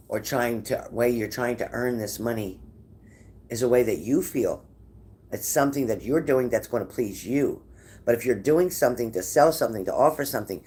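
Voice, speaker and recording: A man reads tarot cards for his viewers with a steady, mid-range voice. His tone is encouraging, and he repeats key phrases so they sink in. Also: mid-range voice, slightly rough. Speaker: tarot reader.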